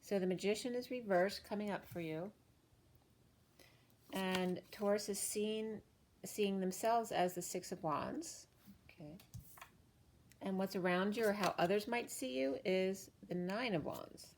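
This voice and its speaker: A woman doing a casual tarot card reading, chatty and thinking aloud with fillers and self-corrections, her voice a little hoarse. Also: mid-range voice, a little slow, darkish tone, slight background noise. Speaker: tarot reader.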